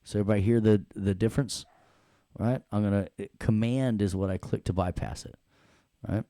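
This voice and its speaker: A man teaching an audio software class in a playful, joking way, talking the students through each step. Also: fairly low pitch, normal speed, gravelly, soft background music. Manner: playful, jokey, talks to the class. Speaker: audio production instructor. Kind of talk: live classroom software tutorial.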